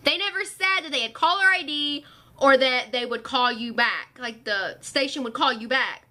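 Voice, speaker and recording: A young woman telling a storytime vlog, animated and full of fillers, acting out what others said. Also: high voice, moderate pace. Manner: animated, filler-heavy retelling, acting out quotes. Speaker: vlogger.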